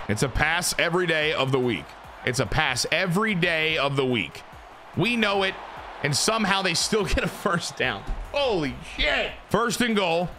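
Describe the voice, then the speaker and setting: A man commentates his own football video game, his voice bright and sitting a little high for a man. He swings from loud, swearing outbursts to low muttering. Quiet game music plays faintly behind him. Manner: excitable, swears a lot, swings from yelling to mumbling. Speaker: gaming YouTuber. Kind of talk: casual gameplay commentary.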